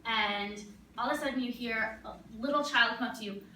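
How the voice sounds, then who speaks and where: A woman's voice: on the high side, brisk, bright, forceful tone, slight background noise. A young woman giving a graduate capstone presentation, earnest and explanatory, with frequent ums, in a classroom. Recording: echoey room, recorded from a distance.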